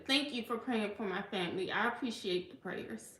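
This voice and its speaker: A woman's voice: mid-range voice, normal speed, hardly any pauses, fairly bright tone. Earnest woman vlogging in an echoey room. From Washington DC. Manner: earnest, repeats "okay" and "you know". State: tearful at times. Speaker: federal worker and livestream vlogger. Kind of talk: emotional personal livestream.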